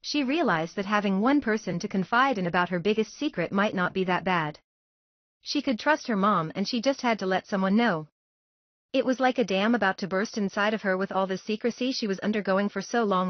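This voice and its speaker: A woman reading a fan-fiction story aloud in a steady, even narrating voice. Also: medium pitch, a little fast, no echo, highs cut off. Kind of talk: audiobook-style story narration.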